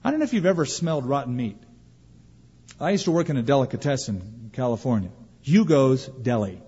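A man's voice: mid-range voice, lively intonation, mellow, husky, dull audio. Preaching man in an echoey hall. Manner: emphatic, preacherly, with pauses and rhetorical questions. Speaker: pastor. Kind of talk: sermon.

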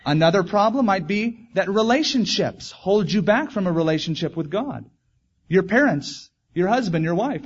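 Man, pastor, sermon, emphatic, higher pitch, muffled lo-fi recording. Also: lively intonation, moderate pace, breathy edge. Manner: earnest, emphatic, repeats key phrases.

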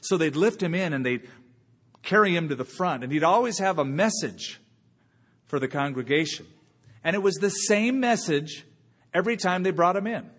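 A man's voice: on the high side, lively intonation, a bit bright, husky. Preaching man in a reverberant church. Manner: conversational preaching with slow dramatic pauses. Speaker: pastor. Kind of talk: sermon.

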